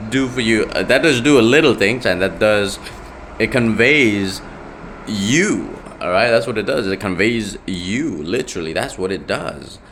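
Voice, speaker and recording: Young male solo podcaster, very low voice, rambling and self-correcting, light hiss behind. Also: expressive, unhurried, a bit bright. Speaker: podcast host. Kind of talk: casual solo podcast monologue.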